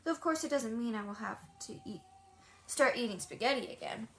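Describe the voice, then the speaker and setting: A woman reading a children's audiobook aloud in a chatty, lively first-person voice. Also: on the high side, fairly quick. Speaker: audiobook reader.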